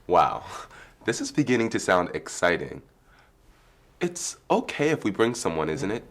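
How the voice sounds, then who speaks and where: A man acting in a scripted learner dialogue as a relaxed, somewhat hesitant coworker. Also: low-pitched, normal speed, full character voice. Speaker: office worker in a lesson video.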